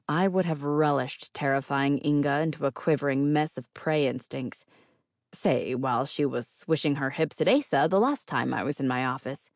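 A woman's voice: sits low, moderate pace, a little mellow, dry recording. A woman narrating first-person fiction as an audiobook reader, with a wry, dry delivery.

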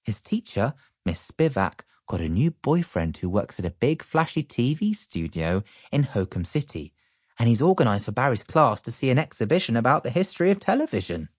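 A man's voice: mid-range voice, big pitch swings, normal speed, slightly rough, dry recording, studio quality, pitched above the performer's own voice. A man voicing an exhausted mum in a raised, sighing voice. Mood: tired. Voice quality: sighing and tired. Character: tired, exasperated British mum.

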